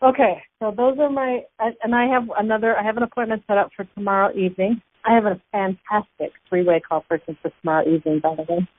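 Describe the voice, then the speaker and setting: A woman's voice: medium pitch, steady tone, quick pace, hardly any pauses, no echo. A woman on a conference call, chattily recounting her sales calls and laughing as she retells them. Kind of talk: telling a story on a conference call. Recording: tinny phone line, dry.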